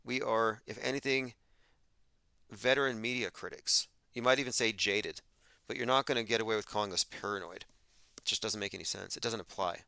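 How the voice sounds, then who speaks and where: Forceful low-voiced man, dry sound. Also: brisk, gravelly, dry recording. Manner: emphatic, argumentative monologue. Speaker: podcast host. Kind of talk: livestream commentary reading chat.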